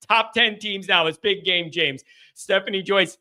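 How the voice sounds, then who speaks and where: A man's voice: sits high, measured pace, sharp tone. A man hosting a postgame call-in livestream who is overcome with emotion. He reads out viewer messages in a breathless, rambling way and keeps losing his place. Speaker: livestream host.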